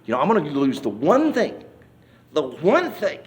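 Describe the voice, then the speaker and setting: A church member's slightly high voice moves at normal speed as he tells his testimony in an interview. He acts out scenes and hollers quoted cries along the way, his folksy, rambling speech full of restarts.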